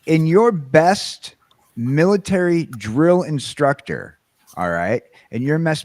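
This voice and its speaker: A man hosts a casual stream chat in a rambling way, padded with fillers and false starts. His pitch moves around a lot. The sound is close and dry. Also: darkish tone, no echo. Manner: rambling, many fillers and restarts. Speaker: host.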